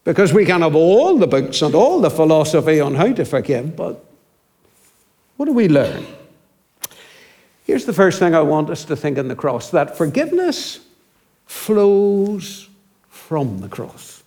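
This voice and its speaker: Reflective male preacher, slightly high voice. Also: very animated, mellow. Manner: reflective, slows down to stress scripture. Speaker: minister. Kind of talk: sermon.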